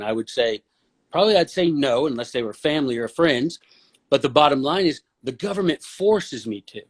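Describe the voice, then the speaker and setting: A man speaking as a podcast guest, blunt and opinionated, with a preachy, forceful way of making his point. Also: a little high, lively intonation, brisk. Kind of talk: casual podcast conversation.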